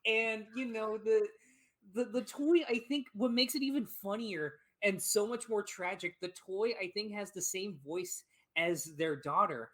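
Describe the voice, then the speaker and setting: A woman's voice: mid-range voice, a little slow, poor audio. A woman co-hosting a gaming podcast, retelling a game scene in casual chat, swearing freely and laughing as she goes. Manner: swears often, laughs while telling. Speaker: podcast co-host.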